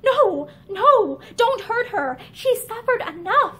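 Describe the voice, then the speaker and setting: A woman reading aloud voices a gentle, compassionate young woman who speaks tenderly and soothingly. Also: very high-pitched, expressive, unhurried, exaggerated voice. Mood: urgent.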